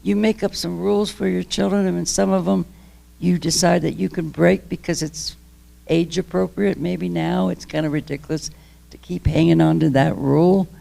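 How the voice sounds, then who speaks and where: A woman's voice: on the low side, fairly even intonation, moderate pace, creaky, warm tone. An older woman giving an impassioned talk about her own story. She is emphatic, laughs between points, and rambles with restarts. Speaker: guest speaker. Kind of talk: public talk, candid personal story.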